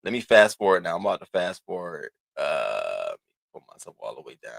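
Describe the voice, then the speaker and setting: A man's voice: low voice, very animated, a little fast, creaky, a bit bright, no echo. A man hosting a live stream, giving sassy, profane commentary and calling out viewers in the chat by name. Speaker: livestream host.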